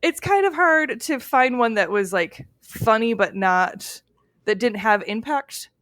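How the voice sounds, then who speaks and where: A woman's voice: on the high side, lively intonation, unhurried, a bit bright, no room sound. A woman co-hosting a casual podcast conversation, recorded dry and close. She chats with laughs and stops to hunt for words with ums. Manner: chatty, laughing, searching for words. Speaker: podcast co-host. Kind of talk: casual chat.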